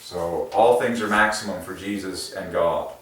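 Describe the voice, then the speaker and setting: A man rambling through a casual monologue as a religious numerology video host, excitable, with many fillers and sudden jumps in pitch. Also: normal speed. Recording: very echoey room, far from mic.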